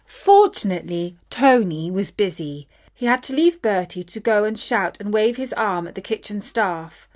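A woman narrating a children's story in a gentle, expressive way. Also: mid-range voice, normal speed.

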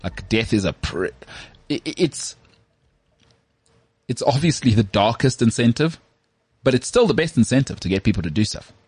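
A man co-hosting a casual sports podcast, animated and jokey, often slipping into mock voices. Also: mid-range voice, moderate pace, pauses often, slightly rough, dry recording, faint music behind. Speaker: podcast co-host.

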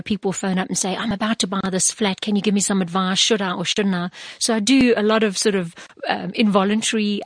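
A woman's voice: mid-range voice, no room sound. A South African woman who invests in property, talking through her advice in a casual interview with lots of restarts. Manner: chatty, with many restarts and fillers.

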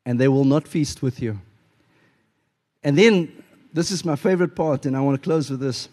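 A male pastor preaching a sermon in a church, animated and playful, acting out little voices as he tells a story. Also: medium pitch, normal speed.

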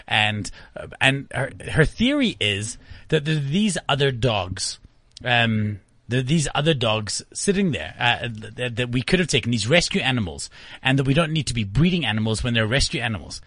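A man airs small grievances on a radio show in a loose, animated rant, laughing often. The studio sound is dry and close, with no room around it. His pitch sits in the middle for a man. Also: normal speed, no room sound. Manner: animated, laughs while ranting. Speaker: guest commentator.

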